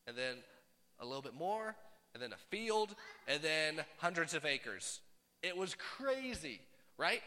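Male pastor, high ringing voice, animated sermon delivery, reverberant hall. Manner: animated, swings from loud bursts to hushed asides. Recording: long reverb of a large hall.

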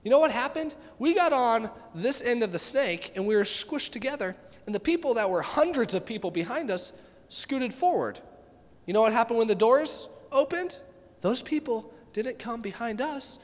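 A youth pastor preaching a sermon in an animated way, acting out the voices of people he quotes. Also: very high-pitched, moderate pace, big-room sound.

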